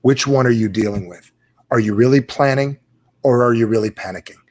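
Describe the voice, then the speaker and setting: A man's voice: medium pitch, a little fast, darkish tone. Urgent male motivational speaker. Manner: urgent, direct, asks questions of the viewer. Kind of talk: live-streamed motivational talk.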